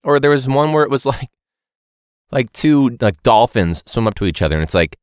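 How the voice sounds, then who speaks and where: A man hosts his own podcast. He talks in a rambling, sarcastic way, swears freely, and laughs at himself. His pitch swings widely, and the recording is dry and close. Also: expressive, normal speed, a little mellow, clean tone, dry recording. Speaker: podcast host. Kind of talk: casual ranting monologue.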